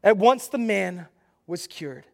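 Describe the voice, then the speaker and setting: A young man with a fairly high voice preaches a sermon. He talks conversationally, pushing some lines out loudly and dropping others to a near hush. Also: expressive, slow pace, creaky. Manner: conversational preaching, swinging between loud emphasis and soft intimate lines.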